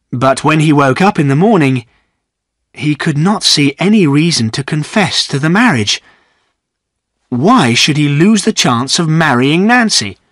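A man narrating a graded-reader audiobook in a steady, clear storytelling manner. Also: fairly high pitch, dry recording, studio quality.

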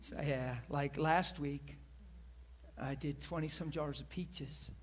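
A man preaching from the pulpit, telling a story in an animated way, laughing and rambling at himself. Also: fairly high pitch, slow. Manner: animated, laughing storyteller who acts out quoted voices; self-deprecating and rambling. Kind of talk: sermon storytelling. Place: church pulpit.

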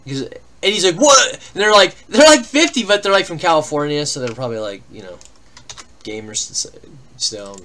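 A man hosts a live card-break stream in a fairly quick voice on the high side, bright and forceful. He chats casually through rambling anecdotes, then reads out lists pairing names with teams.

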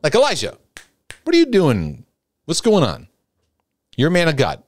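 A middle-aged man preaching to his listeners, his voice swooping up and down. He jumps into high, pleading voices when he mimics people's prayers. The sound is dry and close. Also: wildly swooping pitch, normal speed, no echo. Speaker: Christian teacher and coach. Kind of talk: sermon-style teaching broadcast.

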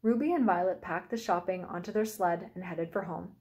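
A woman teacher reading a children's storybook aloud, in a clear, gentle storytelling way. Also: on the low side, a little fast.

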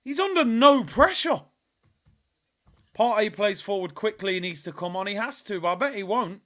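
Animated high-voiced man. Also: moderate pace. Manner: animated, frustrated, shouts at players. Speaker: fan watch-along host. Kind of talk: live match watch-along commentary.

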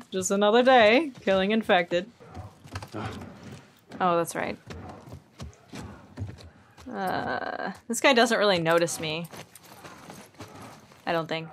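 This is a woman talking casually at a desk mic while she plays a game, taking her time between remarks. She mutters some asides almost in a whisper and lets out quick yelps and laughs when startled. A faint background hiss sits under her voice. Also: medium pitch. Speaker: gaming channel host. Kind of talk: casual gameplay commentary.

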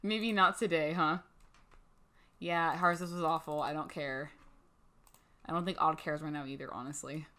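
Brief: young adult woman, gaming host, playful chatty commentary, slightly low pitch. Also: fairly even intonation, moderate pace, pauses often, bright, forceful tone. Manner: chatty, playful, voices her characters' thoughts. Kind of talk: casual let's-play commentary.

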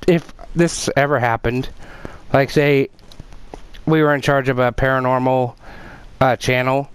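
A man's voice: medium pitch, fairly even intonation, unhurried, clean tone, dry recording. A man chatting casually, telling rambling, profane stories and laughing often. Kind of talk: casual chat.

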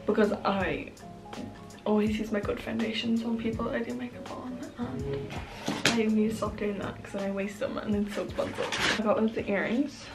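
A woman's voice: medium pitch, steady tone, moderate pace, recorded from a distance. A woman talking through a shopping haul in a chatty, gushing way. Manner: chatty and gushing about her buys. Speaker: vlogger. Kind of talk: casual haul vlog. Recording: roomy and off-mic with loud music behind.

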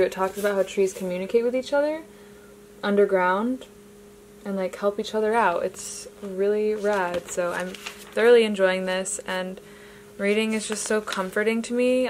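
A young adult woman chatting casually to camera as a vlogger, bubbly and gushing at times, then drifting into soft, reflective musing. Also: mid-range voice, a little hiss or hum, low-quality recording. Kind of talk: casual vlog chat.

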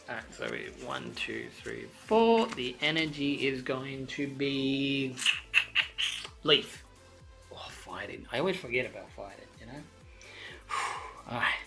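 A woman hosting a casual card-opening vlog, excitable and swearing a lot, with loud bursts of excitement. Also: extremely low pitch, takes it slowly, creaky, pauses often, faint music behind. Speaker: channel host opening trading card packs.

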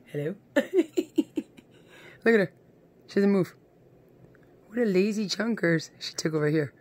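Slow-talking woman doting on her dog. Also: animated, darkish tone. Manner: doting baby talk to a pet, often climbing high. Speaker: pet owner.

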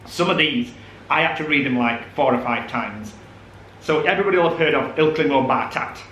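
A man's voice: mid-range voice, brisk, fairly bright tone. A man co-hosting a casual vlog chat, teasing and laughing often. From South Yorkshire. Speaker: vlog co-host. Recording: echoey room with faint noise.

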